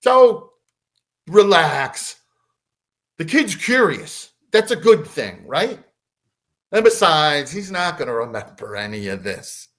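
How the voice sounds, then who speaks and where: A man's voice: on the high side, big pitch swings, unhurried. A man putting on the voice of a friendly male grey alien who is easygoing and amused. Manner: easygoing, laughing, reassuring.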